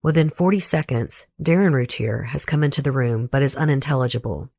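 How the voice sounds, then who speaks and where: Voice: medium pitch, a little fast, darkish tone, dry recording, clean studio sound. A true crime podcast host with a Southern US accent, reading a scripted case narration with blunt, opinionated asides.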